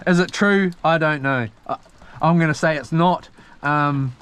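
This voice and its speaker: A slangy New man rambles through old stories for his live-stream viewers, full of ums, false starts and tangents. His voice sits a little high for a man and comes through smooth and clear. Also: a little slow, fairly bright tone. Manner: meandering storyteller with many ums and restarts, slangy. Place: on a boat at sea.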